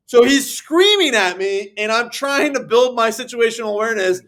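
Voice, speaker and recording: An American man in his thirties telling stories casually on a podcast, animated and acting out quoted lines. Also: brisk, hardly any pauses. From United States. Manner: animated, acts out quotes with rising pitch. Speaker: podcast guest. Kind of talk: casual storytelling.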